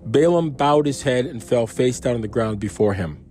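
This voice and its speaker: A man reads scripture in a mellow, darker voice, then drifts into relaxed, rambling commentary full of restarts. He sounds like he is thinking out loud. Faint music plays softly behind him. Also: mid-range voice, normal speed, few pauses. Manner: musing, chatty asides, frequent restarts and chuckles. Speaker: Bible reader and commentator. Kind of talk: casual Bible reading with commentary.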